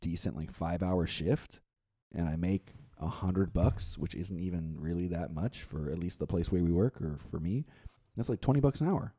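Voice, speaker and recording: A man chatting casually about serving tables, cussing and blunt. His voice is deep and very dark and mellow. The sound is dry and close. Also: normal speed, slightly rough, dry recording. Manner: blunt, profane, enthusiastic. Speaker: restaurant server. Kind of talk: casual chat.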